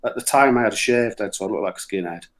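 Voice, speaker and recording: A man telling comic stories in casual, sweary chat, with animated outbursts. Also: lowish voice, fast talker, low-quality recording. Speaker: musician and guest storyteller.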